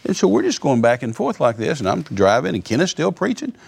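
Male guest, testimony storyteller, fast and gravelly delivery, animated. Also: fairly high pitch. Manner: animated, repeats words, chuckles while telling.

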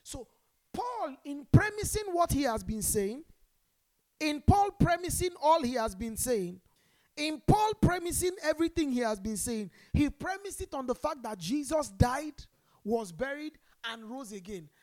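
A Nigerian woman preaching a sermon, calling on the congregation to respond and swinging between loud emphasis and quiet asides. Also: high voice, very animated, a little slow. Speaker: pastor.

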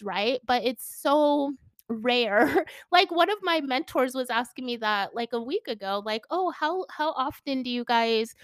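Woman, podcast host, high voice, bubbly, giggly, effusive, casual chat at home, dry sound. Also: dry recording. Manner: bubbly and effusive, giggly, full of "like" and "you guys". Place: at home indoors.

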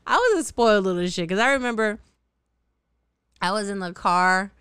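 A woman's voice: medium pitch, moderate pace, fairly bright tone, smooth, dry recording. A woman in her thirties hosting a candid solo podcast, blunt and profane, laughing often at herself, her throat a little sore. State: slightly sore, scratchy throat. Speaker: podcast host.

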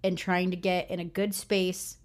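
A woman in her thirties with a Midwestern American accent, co-hosting a casual podcast in a chatty, animated way. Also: lowish voice, measured pace. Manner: chatty, animated storyteller with frequent "like". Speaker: podcast co-host.

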